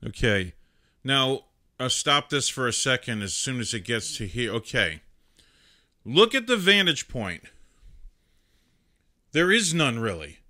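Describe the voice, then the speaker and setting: A man's voice: mid-range voice, sing-song, unhurried, long pauses, sharp tone. A man hosting a livestream, commenting casually on news clips in a chatty way with plenty of fillers and restarts. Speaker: livestream host.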